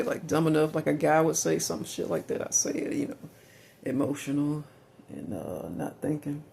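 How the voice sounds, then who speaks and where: A man's voice: on the high side, big pitch swings, normal speed, gravelly, a little mellow, slight background noise. A man telling a long rambling story in a casual monologue, swearing freely and filling gaps with "uh" and "like". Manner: rambling, profane, lots of fillers.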